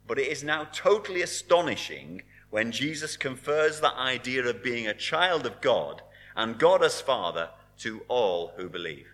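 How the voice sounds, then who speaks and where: Lively, bright-voiced man preaching. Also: medium pitch. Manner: earnest preaching, dropping to soft emphasis on key words. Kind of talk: sermon.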